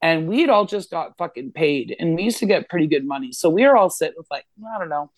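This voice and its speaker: A fast-talking Canadian woman with a low voice co-hosts a podcast, telling a story full of swearing and animated impressions of the people she's describing. The recording is dry and close, with no room sound.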